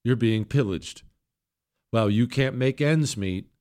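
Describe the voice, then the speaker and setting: A man hosting a political talk radio show, his voice going hoarse, delivering an emphatic, sarcastic monologue that jumps between loud jabs and low mutters. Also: takes it slowly. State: hoarse, voice nearly gone.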